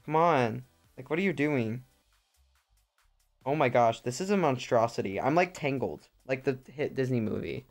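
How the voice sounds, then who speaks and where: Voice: medium pitch, expressive, moderate pace, faint music behind. A streamer chatting casually through a livestream while crafting, rambling and joking with mock drama.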